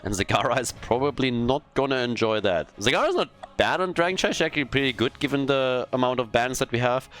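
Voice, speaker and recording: Bright-voiced male esports caster. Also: mid-range voice, animated, brisk, few pauses. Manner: analytical, dry humor, laughs at himself. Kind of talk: esports commentary.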